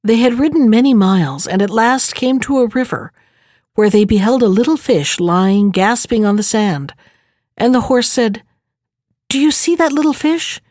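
A woman reading a fairy tale aloud in measured, even narration. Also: medium pitch, dry recording, studio quality. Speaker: storyteller.

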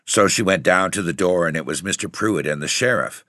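A man reading a story aloud in steady, even narration. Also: low voice, brisk, no echo, clean studio sound. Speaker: audiobook reader. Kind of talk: scripted narration.

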